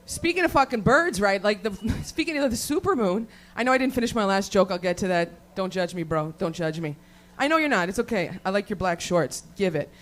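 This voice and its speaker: A woman's voice: mid-range voice, animated, moderate pace. A woman doing a raunchy stand-up set, rambling, swearing constantly and laughing at her own jokes. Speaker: stand-up comedian. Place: comedy show venue with live audience.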